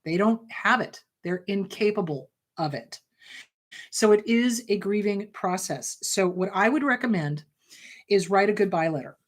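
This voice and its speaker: A middle-aged woman therapist hosting a live advice show, answering viewer questions in an emphatic, warm and reassuring way. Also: medium pitch, animated, moderate pace. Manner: emphatic, warm and reassuring, calls listeners sweetheart.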